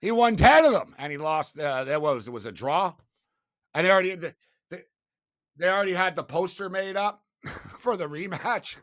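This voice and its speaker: A man guesting on an interview, telling stories in a casual, animated, profane way, swinging between loud and soft. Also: high-pitched, normal speed, pauses often, no room sound, clean studio sound. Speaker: guest, sports betting media host.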